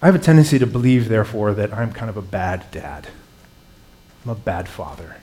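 A man's voice: fairly low pitch, very animated, fairly quick, mellow, slight background noise. Earnest man preaching a sermon. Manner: earnest, conversational preaching with swells of emphasis. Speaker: pastor.

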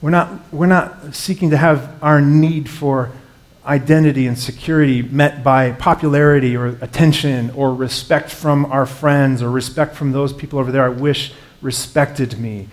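Male pastor, earnest conversational sermon, swells into emphasis, mid-pitched voice. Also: steady tone, moderate pace.

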